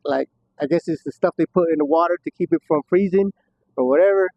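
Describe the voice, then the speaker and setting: Here a man speaks quickly in a mellow, higher register with no echo, casually recounting a prison tale full of profanity. He laughs occasionally and performs the lines of others, and the recording itself is dull, muffled and dry.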